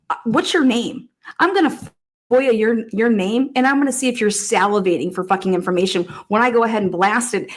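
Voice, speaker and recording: A woman hosting a livestream, reacting to a clip with a profane, mocking rant. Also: fairly high pitch. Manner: swearing, mocking, bursts of laughter. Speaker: livestream host.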